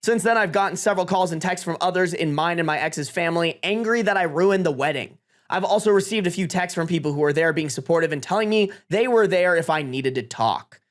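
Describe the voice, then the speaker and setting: A live streamer reading Reddit posts aloud to chat, with reactions. Swears freely and laughs often. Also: medium pitch. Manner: talks to chat.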